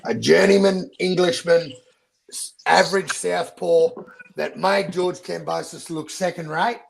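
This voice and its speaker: A man's voice: a little high, a little slow, gravelly, a little hiss or hum, rough recording. An Australian man, a boxing YouTuber, arguing passionately in casual debate and swearing a lot.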